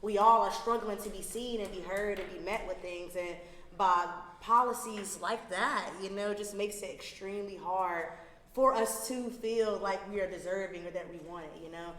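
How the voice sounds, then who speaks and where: A woman's voice: medium pitch, normal speed, fairly bright tone, a little hiss or hum. A woman in her twenties from Atlanta, Georgia, talking earnestly as a podcast guest and explaining wellness ideas at length. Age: 20s. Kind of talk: casual podcast chat. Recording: echoey room with long reverb.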